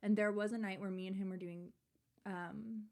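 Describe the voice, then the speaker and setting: A woman's voice: mid-range voice, fairly even intonation, normal speed, a little mellow. A woman in her twenties, a podcast guest, telling a personal story in candid, chatty talk full of "like" and swearing. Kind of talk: casual chat.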